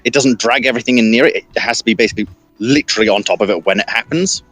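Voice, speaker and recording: A man on a casual panel chat, animated and eager to jump in with his own points. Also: medium pitch, rapid-fire, faint music behind. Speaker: panel guest.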